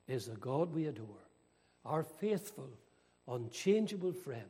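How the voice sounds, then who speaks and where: A man's voice: medium pitch, big pitch swings, a little slow, warm tone, husky. An older man preaching a sermon earnestly, with dramatic rises and falls. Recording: long hall reverb.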